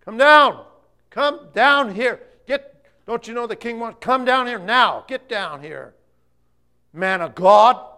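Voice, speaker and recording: A man voicing an angry male soldier captain who shouts commands up a hill. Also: extremely high pitch, expressive, slow, clean tone, pitched above the performer's own voice, heavily acted. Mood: demanding.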